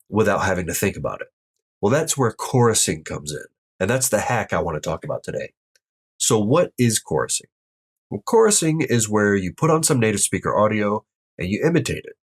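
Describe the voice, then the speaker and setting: A man with a slightly husky voice leads an online language lesson in an upbeat way and speaks straight to his viewers. His pitch moves a lot as he walks through each rule step by step, and he sounds every example out loud. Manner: explains step by step and demonstrates each tone aloud; upbeat, addresses viewers directly. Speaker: Mandarin tone teacher.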